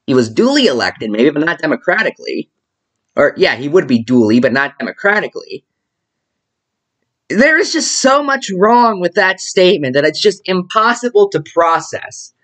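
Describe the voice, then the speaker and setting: A young adult commentator in a sarcastic, ranting monologue. The pitch swings widely from low mutters to sudden high jumps, and the delivery stays mocking throughout. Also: sing-song, normal speed, a bit bright, poor audio. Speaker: political commentator.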